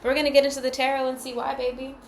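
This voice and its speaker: A woman talks through a tarot reading in a casual, rambling way, cursing freely as she goes. Her voice sits a little high. The sound rings in an echoey room with a faint hum behind it. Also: monotone, racing, creaky. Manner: loose, profane and chatty. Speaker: tarot card reader.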